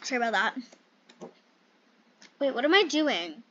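Giggly high-voiced woman gaming. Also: very animated, measured pace, pushed and bright, muffled recording. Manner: giggly, self-mocking, rambling. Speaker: game YouTuber. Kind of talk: casual gameplay commentary.

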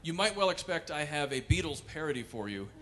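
A man performing wry, animated stand-up comedy on a cultural center stage. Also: on the high side, a little fast. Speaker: comedian and pianist.

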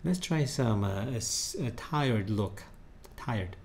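A man talking casually into a studio microphone at home, hesitant and slow, acting out facial expressions as he tests them. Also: mid-range voice, lively intonation, a little hiss or hum. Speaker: 3D animation hobbyist.

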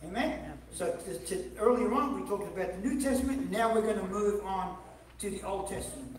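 A man preaching a sermon to a congregation, animated and jokey, often repeating words as he starts a phrase. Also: high-pitched, a little fast. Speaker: evangelist preacher. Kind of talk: sermon with humorous storytelling. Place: church sanctuary. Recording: echoey church hall from a distant mic.

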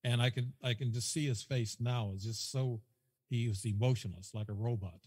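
A man's voice: medium pitch, normal speed, darkish tone, breathy edge, in a large hall. A man as a podcast guest, telling a rambling story that repeats itself and quotes whole conversations. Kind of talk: casual storytelling.

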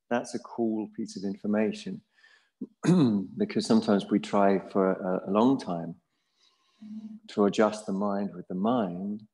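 Relaxed, jokey male yoga teacher. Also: lowish voice, poor audio. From England. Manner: relaxed and jokey, self-mocking asides. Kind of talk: guiding a yoga class. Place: yoga studio in a Buddhist centre.

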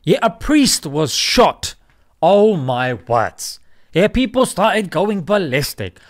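A man delivering a heated commentary monologue. His voice sits high and moves a lot, rising sharply on questions. He pushes each point with emphasis and a conversational edge. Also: slow pace. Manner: animated, emphatic, rhetorical questions. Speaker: host. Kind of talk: opinion vlog commentary.

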